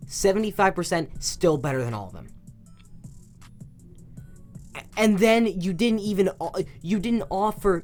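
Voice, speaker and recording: Acting as a sports commentator, a young man delivers a fired-up, exasperated opinion rant. He alternates between shouting bursts and quiet muttering.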